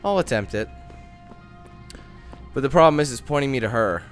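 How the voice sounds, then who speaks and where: A man's voice: mid-range voice, animated, faint music behind. A young man giving chatty, cursing commentary over his gameplay. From Canada. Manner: chatty, quick to curse and rant. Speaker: let's play gamer.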